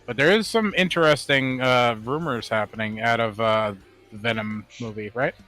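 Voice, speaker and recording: A man co-hosting a casual podcast, talking in an animated way, swearing and laughing often. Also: normal speed, soft background music. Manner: animated, swears, laughs often, rising pitch when worked up. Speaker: podcast co-host. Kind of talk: casual chat.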